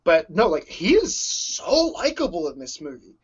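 Man, slightly high voice, excitable, gushing, laughs a lot, dull lo-fi recording. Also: moderate pace, husky. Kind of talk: casual movie review chat.

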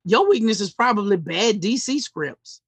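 A man's voice: high voice, expressive, normal speed, husky, dry recording. A man co-hosting a podcast, chatting casually and joking, rambling with fillers. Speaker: podcast co-host. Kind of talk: casual chat. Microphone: podcast mic.

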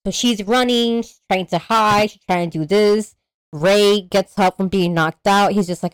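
A woman co-hosting a podcast, recapping a horror movie in an animated, profane way and acting out the characters' lines. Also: mid-range voice, normal speed, smooth, no echo. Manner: animated storyteller, acts out characters, swears freely. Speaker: podcast co-host. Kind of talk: casual movie recap chat.

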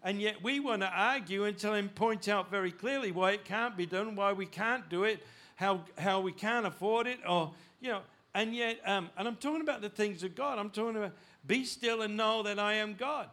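A middle-aged male pastor preaching a sermon, animated, with frequent restarts, growing loud and urgent in places. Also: high voice, moderate pace, few pauses. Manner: animated preaching, rising loud when voicing God; frequent restarts and repeated words.

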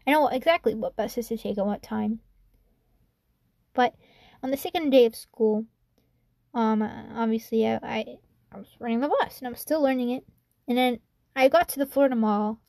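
A woman's voice: on the high side, normal speed, long pauses, a little mellow, no room sound. A woman student telling a story in a rambling, casual way, full of "you know" and "I'm like", sounding anxious and hard on herself. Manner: anxious, self-reproaching.

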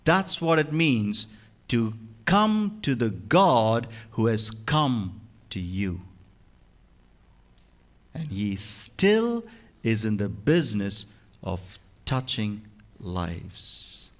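A male pastor preaching a sermon, moving from hushed, slow lines to loud, emphatic ones. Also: medium pitch, sing-song.

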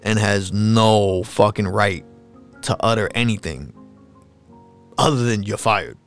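A man hosting a solo podcast, ranting in a casual, profane, animated way and mocking people with put-on voices. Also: fairly low pitch, slow pace, clean tone, faint music behind. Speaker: podcast host.

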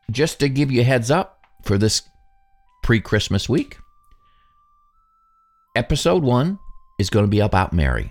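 A man in his sixties hosting a solo podcast, musing aloud in a conversational, self-deprecating way. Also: low voice. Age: 60s. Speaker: podcast host. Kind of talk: reflective solo podcast monologue.

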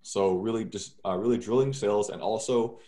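A man's voice: on the low side, fairly quick, warm tone. A man as an interview guest, talking casually and loosely with many fillers and restarts, over what sounds like a video call.

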